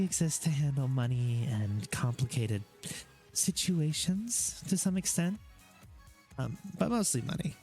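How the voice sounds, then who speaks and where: A man at a home streaming setup, talking through his channel in a loose, rambling way. His pitch moves around a lot as he goes, and his speech is full of fillers and wry asides. Soft background music sits behind him. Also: expressive, measured pace. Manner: chatty, rambling with fillers and self-deprecating asides. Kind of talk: casual talking-head explainer.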